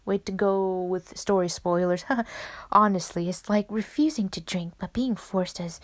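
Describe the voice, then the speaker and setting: Young woman reader, giggly asides, middle pitch, dry close sound. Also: measured pace, no echo. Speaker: game story reader. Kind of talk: casual reading with commentary.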